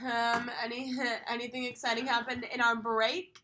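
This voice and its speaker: A young woman co-hosting a podcast, giggly and excitable in casual chat. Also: fairly high pitch, normal speed, over a noisy crowd. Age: young adult. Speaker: podcast co-host.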